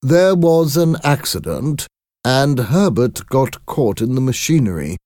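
A man voicing a nervous, formal company messenger in a storybook reading, speaking slowly and stiffly. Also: mid-range voice, very animated, darkish tone, dry recording, clean studio sound, voice pushed up. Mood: somber.

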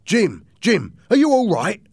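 A man's voice: on the high side, big pitch swings, moderate pace, creaky, no room sound, clean studio sound, voice pushed up, exaggerated voice. A man playing a stern, barking ship captain. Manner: clipped orders, raised and forceful.

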